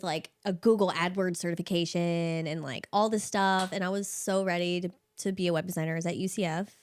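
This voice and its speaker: A young woman in her twenties, chatting casually as a podcast guest, rambling and giggly with lots of likes. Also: lowish voice. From United States, Filipino family. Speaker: podcast guest, bodywork practitioner. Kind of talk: casual chat.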